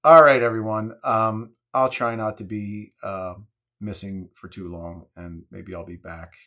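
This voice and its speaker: A man's voice: lowish voice, fairly even intonation, measured pace, pushed and bright. A man hosting a casual vlog, chatting in a wry, jokey way while making a cocktail. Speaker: host.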